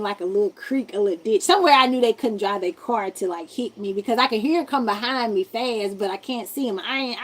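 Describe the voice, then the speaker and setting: Animated woman telling a wild story. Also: on the high side. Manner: animated, slangy, addresses viewers directly. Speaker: streamer. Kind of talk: casual storytelling.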